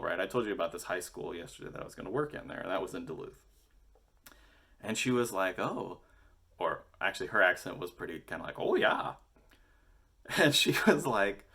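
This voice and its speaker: A young man with a low voice talks in a loose, rambling way, joking, swearing and drifting off topic. He comes across as relaxed and chatty, as if talking straight to his viewers. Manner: rambling, jokey, swears casually. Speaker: musician vlogger. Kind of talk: casual rambling chat to camera.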